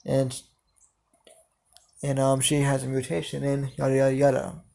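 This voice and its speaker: A man's voice: medium pitch, completely flat delivery, normal speed, vocal fry, mellow. A man narrating an improvised fan story, hesitant and full of fillers.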